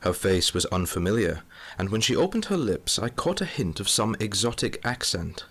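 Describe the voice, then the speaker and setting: A man's voice: lowish voice, big pitch swings, moderate pace, a bit bright, husky, exaggerated voice. A man playing a dry, melodramatic police inspector who narrates a comic mystery audio drama. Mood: wry. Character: hard-boiled Scotland Yard police inspector, middle-aged man.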